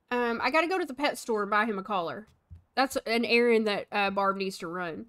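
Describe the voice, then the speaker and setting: A woman's voice: fairly high pitch, a bit bright. A young woman streaming a life-sim game, chatting casually, telling her characters what to do and answering her chat. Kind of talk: live gameplay commentary.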